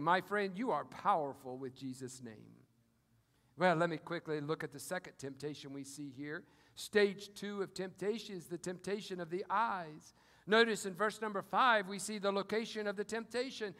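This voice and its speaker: High bright-voiced preacher man, loud then hushed, long echo in a big room. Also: normal speed. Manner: preaching with big swings in loudness, booming on scripture. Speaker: pastor. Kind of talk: sermon. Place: auditorium. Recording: long hall reverb.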